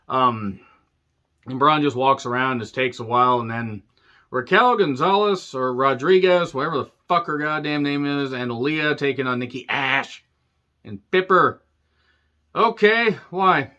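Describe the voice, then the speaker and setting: A man's voice: medium pitch, animated, normal speed, sharp tone, dull audio. A man recapping a wrestling show in a sarcastic, profane rant. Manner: sarcastic, ranting, swears freely. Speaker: wrestling reviewer.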